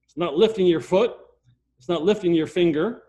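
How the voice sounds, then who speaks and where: Older male preacher, slightly high voice, emphatic and repetitive, with swings from loud to hushed. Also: normal speed. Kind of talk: sermon storytelling.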